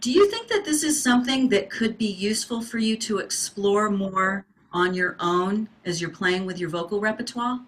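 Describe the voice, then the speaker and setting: A woman's voice: medium pitch, animated, moderate pace, few pauses. Woman teaching singing on a video call. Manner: encouraging, asks the class to wave and respond. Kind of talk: online singing workshop.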